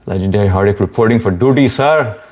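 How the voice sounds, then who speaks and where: A man's voice: fairly low pitch, normal speed, darkish tone. A man hosting a casual late-night live stream, greeting viewers by name and rambling laid-back with lots of fillers. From Indian family background. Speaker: livestream host. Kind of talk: casual live chat reading comments.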